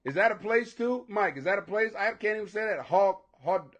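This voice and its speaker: A man chatting casually with viewers, animated and profane, joking and laughing often and tripping over hard names. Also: high voice, brisk, muffled recording.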